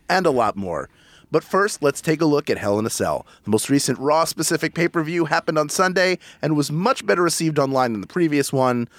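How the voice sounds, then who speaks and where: A man hosting a casual wrestling podcast, playful and animated, with theatrical introductions. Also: a little high, no echo. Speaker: podcast host.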